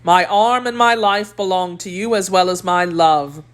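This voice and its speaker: A woman voicing a young male swordsman in an audiobook, earnest and flattering. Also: fairly low pitch, moderate pace, lightly acted. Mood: ardent.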